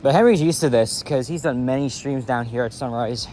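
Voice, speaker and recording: A man's voice: mid-range voice, brisk, warm tone. A man casually narrating while he walks a city street at dawn, rambling with lots of fillers and the odd swear word, recorded on a handheld camera mic. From Canada. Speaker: walking vlogger. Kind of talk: casual walking commentary. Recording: faint street noise outdoors.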